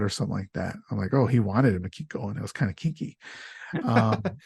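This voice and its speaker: A man hosting a podcast, retelling the plot of an old film in an animated, casual way with fillers. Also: medium pitch, fairly quick, creaky, slightly rough, no echo, clean studio sound. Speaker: podcast host.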